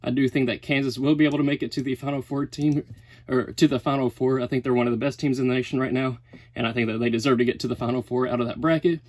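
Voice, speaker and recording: Guy vlogging fast about brackets, kinda out of breath, mellow voice, dry sound. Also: medium pitch, fairly even intonation, dry recording. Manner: rattles off lists quickly, corrects himself mid-sentence. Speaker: sports YouTuber. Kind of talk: casual bracket breakdown vlog.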